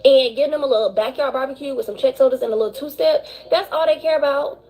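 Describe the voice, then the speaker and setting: Brief: woman with gravelly fry, fairly high voice, blunt and mocking. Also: fast, darkish tone. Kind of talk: casual commentary.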